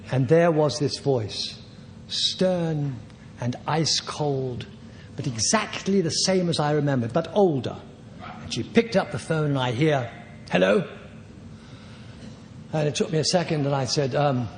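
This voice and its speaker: Older male AA speaker, slightly high voice, self-deprecating, hesitant, big hall echo. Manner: rambling, self-deprecating storytelling, many hesitations. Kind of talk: recovery talk at a convention. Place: large convention hall. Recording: reverberant hall with faint room noise.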